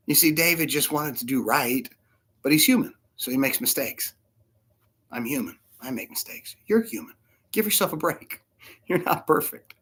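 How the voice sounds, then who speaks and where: A man preaching a casual sermon, short of breath with fluid in his lungs, animated and laughing often between soft asides. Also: on the high side, normal speed, breathy edge. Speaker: pastor.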